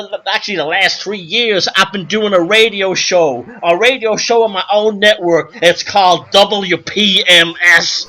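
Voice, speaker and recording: A man playing a sleazy, brash male nightclub comedian who works a crowd with crude, shouty patter. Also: high voice, a little hiss or hum, voice pushed up.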